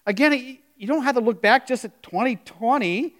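A man's voice: very high voice, normal speed, a bit bright. A pastor giving a conversational sermon, retelling stories and asking his congregation questions.

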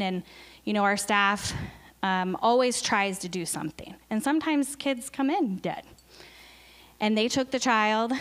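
A woman's voice: mid-range voice, clean tone. Woman missionary talking at church, earnest and emotional, lots of ums. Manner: earnest, emotional storytelling with fillers. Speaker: missionary speaker. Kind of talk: church talk.

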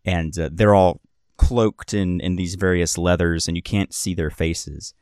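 A man's voice: sits low, fairly even intonation, unhurried, darkish tone, smooth, dry recording, clean studio sound. A man narrating as game master of a tabletop game podcast, describing scenes in a rambling way and correcting himself as he goes.

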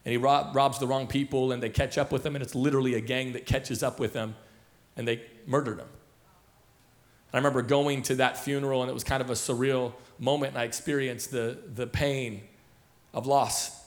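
A man's voice: mid-range voice, fairly even intonation, normal speed. A man pastor preaching a sermon to his church, in a loose, storytelling way full of fillers and restarts, somewhere in his thirties. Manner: casual storytelling, many fillers and repeated starts. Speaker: senior pastor. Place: church auditorium.

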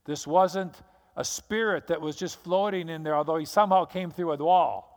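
Speaking at a moderate pace in a high, bright voice, a pastor dramatizes a story in his sermon, performing the scenes. The setting sounds like a church hall, each phrase followed by a lingering reverb.

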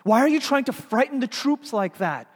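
Man doing a hot-headed disciple, high and loud, shouting questions in a reverberant hall. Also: lightly acted. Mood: agitated. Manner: loud, insistent, rapid questions. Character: impetuous male disciple, fired up and arguing.

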